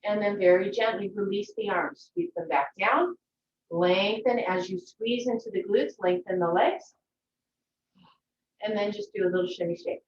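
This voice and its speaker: Woman yoga teacher, calm guiding voice, distant roomy dull video-call sound. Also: mid-range voice, moderate pace, slight background noise. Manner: gentle, encouraging instructions. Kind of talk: guided yoga class. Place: her home.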